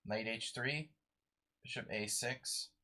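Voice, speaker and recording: A man's voice: medium pitch, takes it slowly, pushed and bright. A sleep-deprived man streaming a live chess game, muttering moves to himself and chatting with viewers.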